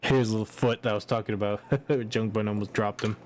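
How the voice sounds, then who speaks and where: A man's voice: fairly low pitch, little pitch movement, fast talker, darkish tone, slight background noise. A man hosting a casual painting livestream, chatty and encouraging, making little sound effects as he works. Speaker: livestream host painting miniatures.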